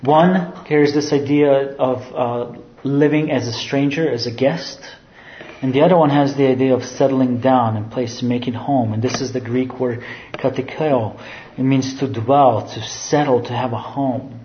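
A man's voice: medium pitch, fairly even intonation, a little slow. A man preaching a sermon who explains scripture and keeps restating his phrases. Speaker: pastor. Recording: roomy, dull sound.

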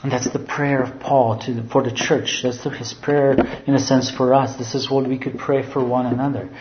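A man's voice: mid-range voice, little pitch movement, moderate pace. A man preaching a sermon who explains scripture and keeps restating his phrases. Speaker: pastor. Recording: roomy, dull sound.

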